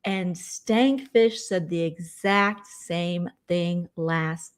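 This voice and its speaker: A woman's voice: lowish voice, drawn-out words, smooth. A woman vlogger talking casually late at night, ranting sarcastically about online trolls with mocking asides. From United States.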